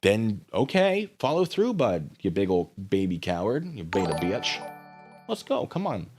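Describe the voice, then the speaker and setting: A man's voice: measured pace, music in the background. A man hosting a livestream, commenting on messages in a mocking, sarcastic way. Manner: lively, swinging pitch. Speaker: livestream host.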